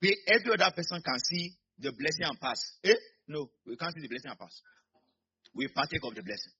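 Nigerian man preaching in church, husky and sharp, bursts of shouting, kinda muffled recording. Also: on the high side, animated, a little fast. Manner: preaching with sudden shouts and acted asides. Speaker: pastor. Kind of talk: sermon.

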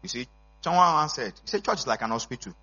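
A man preaching a sermon as pastor, emphatic, with call-and-response and bursts of shouting. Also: on the high side, lively intonation, fast, breathy edge. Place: church service. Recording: dull lo-fi recording with mains hum.

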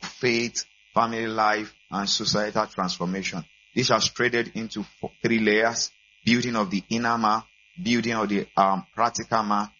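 Brief: male pastor, sermon delivery, bright and husky, dull lo-fi recording. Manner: builds from calm welcome to loud, high-pitched preaching.

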